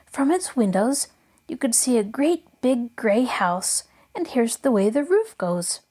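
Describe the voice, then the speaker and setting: A woman's voice: fairly high pitch, big pitch swings, measured pace, a little mellow, husky, full character voice. A woman voicing an eager, earnest little girl who pleads to be understood.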